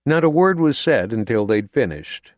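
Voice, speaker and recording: A man narrating an audiobook in a measured, steady storytelling manner, recorded in a voice-over booth. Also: mid-range voice, dry recording, studio quality. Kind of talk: scripted narration.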